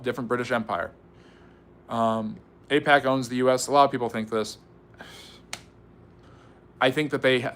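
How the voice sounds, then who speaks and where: American man, livestream host, rapid chatty delivery answering chat, playful teasing tone. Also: mid-range voice. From United States. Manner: quick, chatty, teasing, with many fillers and restarts. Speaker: history channel livestream host. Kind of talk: live stream reading and answering chat comments.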